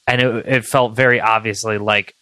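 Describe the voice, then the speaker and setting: A man's voice: lowish voice, flat delivery, normal speed, pushed and bright, smooth, no room sound. A man co-hosting a casual wrestling podcast, wry and sarcastic, laughing often. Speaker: podcast co-host.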